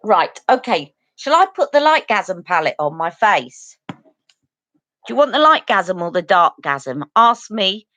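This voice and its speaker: A woman's voice: mid-range voice, big pitch swings, a little slow, bright, forceful tone. A woman hosting a beauty live stream, chatting earnestly and directly to her viewers. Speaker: beauty channel host. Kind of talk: casual live-stream chat.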